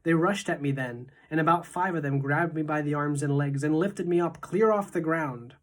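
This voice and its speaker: A woman teacher reading a children's novel aloud in a measured, expressive way. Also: low-pitched.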